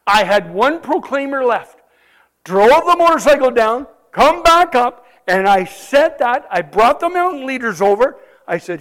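A man telling a missionary testimony to a congregation, animated and exclaiming often as he cues slides aloud. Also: very high-pitched, moderate pace. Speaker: visiting missionary speaker.

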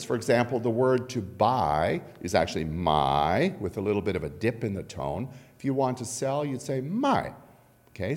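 A pastor giving a conversational sermon, often checking in with the congregation. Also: male voice, medium pitch, darkish tone. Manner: conversational, asks "right?" and "okay?" often. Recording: long hall reverb.

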